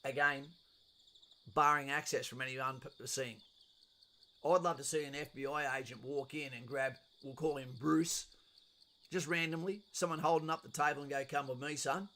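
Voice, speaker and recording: A man's voice: fairly high pitch, fairly even intonation, moderate pace, bright, forceful tone. A middle-aged man with an Australian accent hosts a casual live stream, reading out viewers' chat messages and answering them in a blunt, chatty way with casual swearing.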